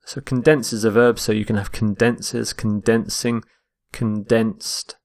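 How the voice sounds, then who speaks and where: Male English teacher, slow and deliberate, models each word's pronunciation. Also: fairly low pitch, level tone. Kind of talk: vocabulary lesson.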